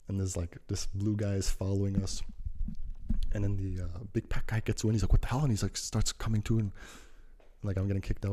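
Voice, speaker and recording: Low mellow rambling young man. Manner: rambling, slangy, acts out quoted lines. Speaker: storyteller. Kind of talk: casual storytime monologue.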